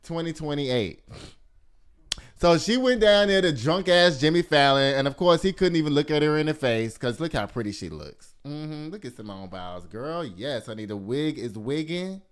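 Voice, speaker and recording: Sassy, animated gossip host. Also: male voice, fairly high pitch, moderate pace, clear, resonant tone. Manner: animated, sassy, laughs often, addresses listeners as y'all. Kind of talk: casual gossip news commentary.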